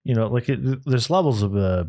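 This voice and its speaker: A man's voice: mid-range voice, moderate pace, mellow, no room sound, clean studio sound. Man chatting casually on a podcast. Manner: rambling, restarts often, laughs easily. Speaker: podcast co-host. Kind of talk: casual chat.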